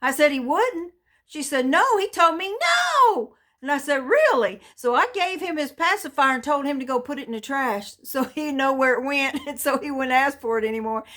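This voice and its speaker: A woman's voice: sits high, fairly quick, few pauses, a bit bright. A mother earnestly telling a personal faith testimony in a folksy storytelling way.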